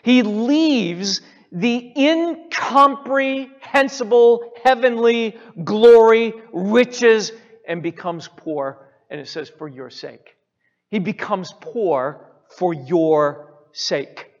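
High-voiced preacher, slow and emphatic. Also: male voice, a bit bright. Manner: emphatic, repeats key phrases. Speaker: pastor. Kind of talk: sermon. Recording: reverberant hall, dull lo-fi sound.

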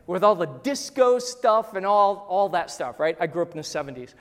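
A pastor in their fifties preaching a sermon emphatically, repeating phrases and dropping to a hush on key words. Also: mid-range voice, animated, normal speed. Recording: long hall reverb.

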